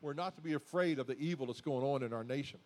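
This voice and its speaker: A man preaching a sermon as pastor, exhorting his congregation in a folksy, repetitive way that builds to loud emphatic declarations. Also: medium pitch, fast.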